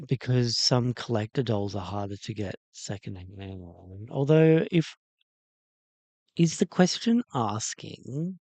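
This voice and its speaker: Male livestream host, unhurried, hesitant and rambling, dry close sound. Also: fairly low pitch, animated, a little mellow, no room sound. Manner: rambling, hesitant, lots of ums and uhs. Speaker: toy restoration livestream host. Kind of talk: casual livestream chat reacting to a video.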